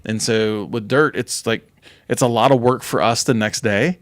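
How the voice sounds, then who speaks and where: A man's voice: medium pitch, steady tone, no room sound, clean studio sound. A middle-aged man who promotes a speedway, co-hosting a casual podcast, rambling and teasing his co-host. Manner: rambling, joking, quick to tease.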